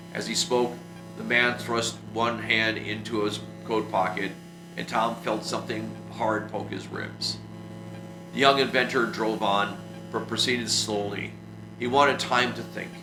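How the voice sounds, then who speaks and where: A man reading a classic adventure novel aloud for a book club, steady with small restarts. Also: fairly low pitch. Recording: roomy echo with music behind.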